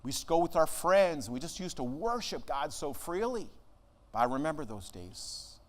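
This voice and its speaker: A man, an American minister, preaching a conversational sermon in a church, earnest and dropping to a hush at times. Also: fairly high pitch, very animated, moderate pace. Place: church sanctuary.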